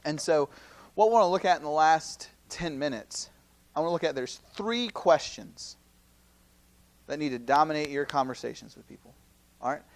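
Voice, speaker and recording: A campus minister in his thirties giving a conversational teaching talk at a youth seminar, full of rhetorical questions and quick acted-out quotes. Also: on the high side. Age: 30s. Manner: acts out quoted speakers in lively asides.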